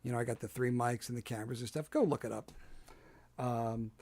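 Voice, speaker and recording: A man's voice: medium pitch, fairly quick, darkish tone. A man with a Delaware County Philadelphia accent, hosting a casual solo livestream from his home porch setup, rambling and self-deprecating with many fillers. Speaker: host. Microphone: desk microphone.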